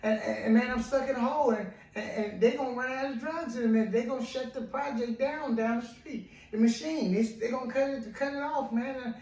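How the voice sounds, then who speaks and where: A man's voice: very high-pitched, fairly quick, few pauses, dark tone, pitched above the performer's own voice. A man putting on a frantic pleading addict. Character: frantic desperate male addict stuck in a hole. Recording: roomy echo, mic at a distance.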